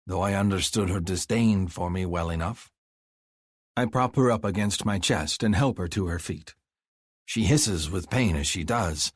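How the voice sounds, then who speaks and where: A man giving gruff, measured first-person audiobook narration. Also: on the low side, no echo, studio quality. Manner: gruff, measured, slow deliberate phrasing.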